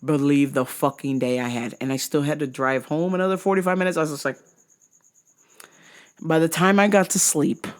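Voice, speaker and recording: A vlog host telling a profane travel story, animated and laughing often, jumping into acted voices. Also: a little fast. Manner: acts out voices with big pitch jumps. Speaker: vlogger host. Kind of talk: casual storytelling rant.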